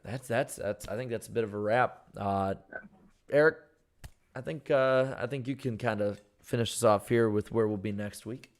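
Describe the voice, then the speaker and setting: A man with a worn-out, hoarse voice, co-hosting a casual podcast and reading out viewer super chats with halting restarts. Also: lowish voice.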